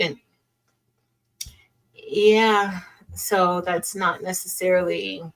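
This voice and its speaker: A woman's voice: lowish voice, sharp tone, poor audio. A young woman hosting a casual craft livestream, chatting loosely, trailing off and restarting sentences as she greets viewers by name.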